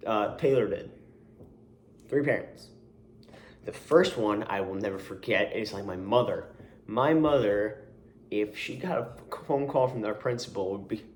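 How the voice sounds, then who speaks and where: A man's voice: fairly low pitch, normal speed, pauses often, a little hiss or hum. A young man who works as a camp coach, telling a story in a casual vlog, rambling with many restarts and asides and sounding exasperated. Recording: roomy echo.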